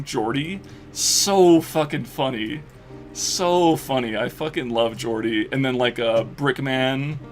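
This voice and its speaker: Gravelly, excitable male streamer. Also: mid-range voice. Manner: excitable, profane, filler-heavy rambling. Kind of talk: casual live-stream chat while gaming.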